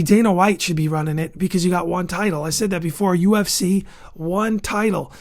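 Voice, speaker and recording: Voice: mid-range voice, brisk, hardly any pauses, darkish tone. A boxing show host giving heated, opinionated commentary, ranting and repeating insults for emphasis while skimming an article. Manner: skims and reads an article aloud between outbursts.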